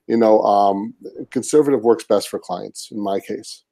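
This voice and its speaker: A man speaking as a guest expert on a webinar over a video call, measured and hesitant with many fillers. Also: fairly low pitch, creaky, warm tone. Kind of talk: casual expert explanation.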